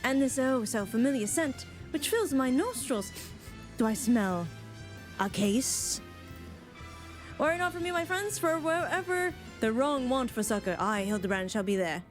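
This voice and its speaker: A woman voicing Hildibrand, a pompous, grandiloquent gentleman inspector who speaks theatrically, over faint game music. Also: high-pitched, lively intonation, unhurried. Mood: dramatic. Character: pompous gallant gentleman inspector, male adult.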